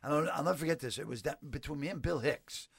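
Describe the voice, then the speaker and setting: An older man, a comedian telling animated stories and acting out the people in them. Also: fairly high pitch, fast talker, gravelly, husky. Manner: animated, acts out voices of people in his stories. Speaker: comedian guest. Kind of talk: storytelling anecdotes.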